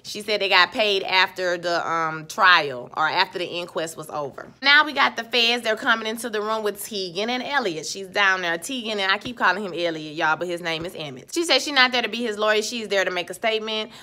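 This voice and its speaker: A woman vlogger giving a chatty, slangy, animated episode recap. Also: medium pitch, a little fast, hardly any pauses.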